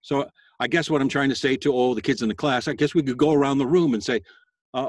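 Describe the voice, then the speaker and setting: A voice actor talking casually to a school class, chatty and self-deprecating, with many fillers and bursts of a loud sales voice. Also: male voice, medium pitch, fast, breathy edge, no room sound. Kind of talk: casual interview talk.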